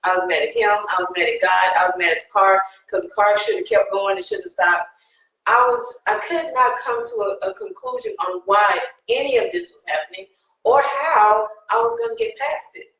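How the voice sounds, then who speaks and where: Woman panelist, mid pitch, earnest and emotional, recorded in a very echoey room. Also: expressive, normal speed, fairly bright tone. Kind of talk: casual panel discussion.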